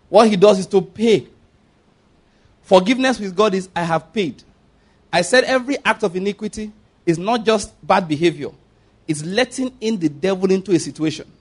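A man with a Nigerian accent preaching a sermon, emphatic and rhetorical, often asking whether listeners get his point. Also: high voice. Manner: emphatic, rhetorical, acts out quoted pleas.

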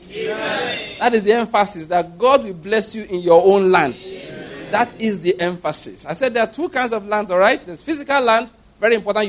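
A man with a Nigerian English accent preaches a sermon in a fairly high voice. He tells stories with emphasis and laughs often as he makes his points. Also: slight background noise.

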